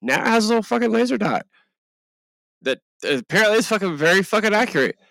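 A man's voice: sits high, lively intonation, fast talker, vocal fry, a bit bright. A man co-hosting a sports podcast, talking emphatically and profanely in casual chat. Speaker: podcast co-host.

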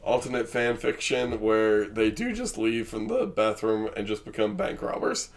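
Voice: mid-range voice, lively intonation, moderate pace. A podcast co-host with a mid-range voice recaps an episode in casual chat. The delivery is laid-back and hesitant.

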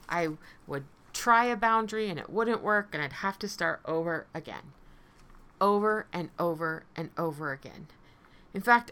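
Woman podcast host and coach, low-pitched, forceful tone, heartfelt reflective solo talk. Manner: earnest, heartfelt, repeats phrases for emphasis. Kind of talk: personal reflective podcast monologue.

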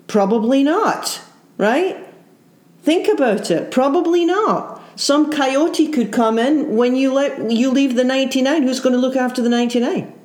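A woman's voice: sits high, normal speed, darkish tone. A woman preacher giving an earnest sermon, full of rhetorical questions and repeated phrases. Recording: roomy echo.

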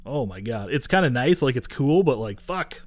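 A man's voice: mid-range voice, moderate pace, dry recording. A man co-hosting a podcast, casually recapping a movie scene by scene and swearing often. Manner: profane, animated retelling with quoted voices. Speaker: podcast co-host.

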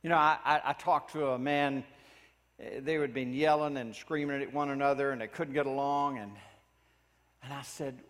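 A man preaching a sermon in a church, earnest and pleading, often dropping his voice to a hush for emphasis. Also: mid-range voice, little pitch movement, moderate pace, in a large hall. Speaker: pastor.

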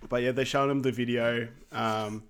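A man's voice: medium pitch, steady tone, normal speed, smooth. A man co-hosting a podcast, summing up a film's plot in an easygoing way, with many ums and light laughs. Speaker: podcast co-host. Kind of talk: casual movie recap chat.

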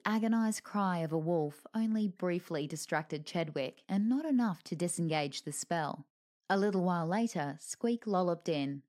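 Woman, storybook narration, lower pitch, wry, lighthearted. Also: expressive, moderate pace, a little mellow.

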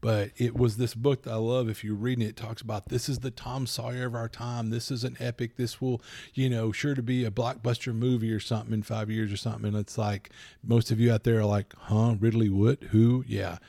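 A man in casual podcast talk, his voice gravelly with fry and recorded dry and close. He rambles, jumps between asides and acts out bits of dialogue in quick put-on voices, a little foggy from allergies. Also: mid-range voice, little pitch movement, dark tone, no echo. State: addled by allergies. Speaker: podcast co-host. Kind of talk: casual chat.

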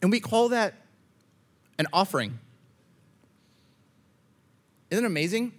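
A man's voice: sits high, very animated, a little fast. A man preaching a sermon in a conversational way, repeating phrases and acting out quoted inner thoughts. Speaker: pastor.

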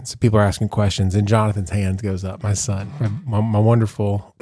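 He's a podcast co-host chatting casually, spinning rambling stories with frequent laughs and many restarts. His voice sits fairly low, with a level tone, moderate pace, and mellow quality, and there's no echo.

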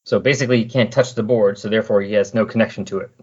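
A man's voice: fairly low pitch, fairly even intonation, racing, darkish tone, dull audio. A man hosting a podcast, recapping comic book scenes in casual chat and animatedly acting out the characters' lines. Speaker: podcast host.

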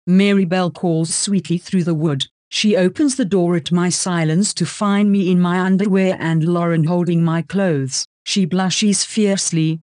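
A narrator reading a story aloud in an even, measured first-person style. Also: medium pitch, no room sound, clean studio sound. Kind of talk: scripted audiobook narration.

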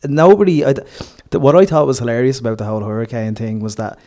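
A man's voice: medium pitch, fast, mellow. A man with an Irish accent co-hosting a podcast, rambling and joking in casual chat. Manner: rambling, jokey, laughs often. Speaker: podcast co-host.

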